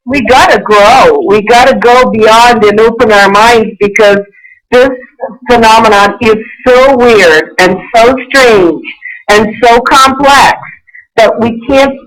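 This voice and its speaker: A woman's voice: a little high, a little slow, rough recording. A woman in her sixties from the US East Coast, a guest in an interview who talks at length in a rambling, emphatic way and repeats herself. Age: 60s. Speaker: guest UFO researcher. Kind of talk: interview conversation.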